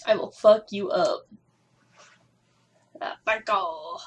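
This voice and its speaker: Young woman streaming a game, slow easy talk, cussing out npcs, laughing and squealing now and then. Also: mid-range voice, husky. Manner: swears often and talks back at characters on screen; laughs and squeals while playing. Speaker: gameplay streamer. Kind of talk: casual gameplay commentary.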